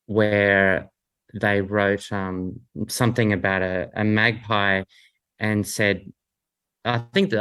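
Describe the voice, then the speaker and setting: A middle-aged Australian man talking casually as an interview guest, halting and full of restarts. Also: fairly low pitch, fairly bright tone, clean tone. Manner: halting, many restarts and fillers. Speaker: guest, husband.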